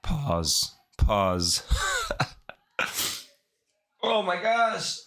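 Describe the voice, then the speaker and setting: On a live coding stream, a Caribbean-accented man chats with viewers in a laid-back, slangy way, speaking straight to them. His voice sits on the high side and swoops wildly in pitch, with drawn-out words and a pushed, bright quality.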